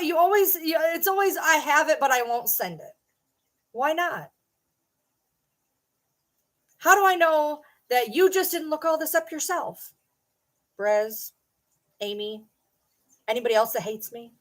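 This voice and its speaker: A woman's voice: sits high, a bit bright. A middle-aged woman hosting her own vlog, talking casually and ranting at viewers in an indignant, sarcastic, challenging way. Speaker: channel host.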